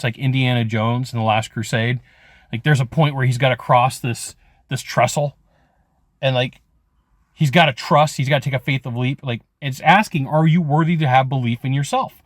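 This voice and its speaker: A sales trainer in his forties gives a casual, rambling motivational talk about sales, peppered with "like" and "okay." His voice is high-pitched, and the recording is dry and studio quality.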